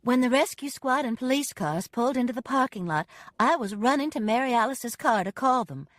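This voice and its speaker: A woman narrating a first-person audiobook with expressive, dramatic storytelling. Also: on the high side, a little fast, no room sound, studio quality.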